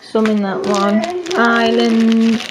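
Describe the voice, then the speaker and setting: A woman's voice: fairly high pitch, level tone, takes it slowly, very noisy. A woman, a homeschooling mother chatting patiently with her children at a table at home. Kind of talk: casual family chat.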